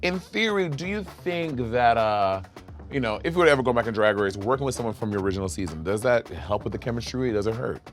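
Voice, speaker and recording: A man's voice: medium pitch, animated, fast talker, faint music behind. A man hosting a casual chat show, playful and teasing, laughing often. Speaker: host.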